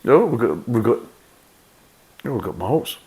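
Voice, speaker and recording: A man's voice: mid-range voice, sing-song, a little slow, gravelly, darkish tone. A Scottish man reviewing a beer in casual chat, sarcastic and blunt, reading the label aloud and mocking it. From Scotland.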